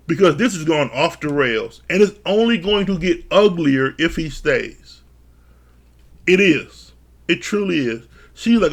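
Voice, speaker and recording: Animated profane man recapping reality TV. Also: fairly high pitch, slow pace. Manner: animated, swears a lot, quotes people in jumpy voices.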